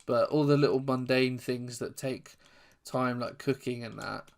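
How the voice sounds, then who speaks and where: A young man from England casually commentating his own football video game, rambling between plays and shouting when goals go in. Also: mid-range voice, a little slow, vocal fry. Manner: chatty, rambling, bursts into excited goal shouts. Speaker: gaming YouTuber.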